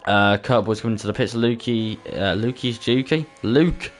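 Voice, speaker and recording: A man's voice: fairly low pitch, moderate pace, soft background music. A man with a Birmingham accent giving chatty live commentary on an online racing league, laughing easily and tripping over names. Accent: Birmingham (Brummie). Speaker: esports race commentator. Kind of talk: live-streamed race commentary.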